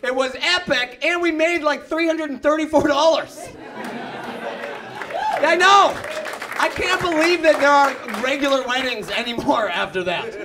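A young man doing a stand-up comedy set, telling self-mocking stories and shouting out punchlines. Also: extremely high pitch, a little slow, background noise. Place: comedy club with a live audience. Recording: live club recording with crowd. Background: audience laughter.

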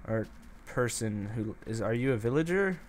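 A man's voice: mid-range voice, animated, moderate pace, slight background noise. A man giving casual, playful let's-play commentary, chatting to the animals and villagers as he goes. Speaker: gameplay commentator.

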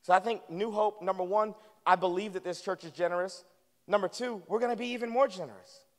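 A man preaching a sermon as a guest preacher in a church, animated and calling for responses from the congregation. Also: sits high, a little fast. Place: church sanctuary. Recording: long reverb of a church hall.

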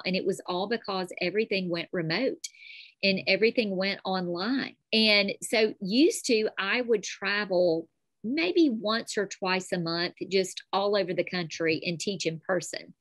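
A woman with a thick North Alabama accent chats as a podcast guest. She tells her stories with animated energy. The recording is close and dry, with no room sound. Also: mid-range voice, unhurried, no room sound. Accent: North Alabama Southern. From North Alabama, USA. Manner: chatty, animated storytelling. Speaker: calligraphy teacher, guest. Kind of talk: casual interview chat.

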